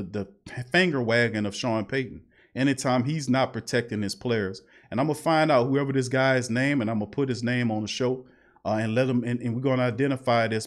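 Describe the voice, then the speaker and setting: A sports talk host, reading listener comments and ranting back at them. He hammers each point home again and again, his voice sitting at an ordinary pitch for a man. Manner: heated, emphatic, repeats points. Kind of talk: live call-in sports talk.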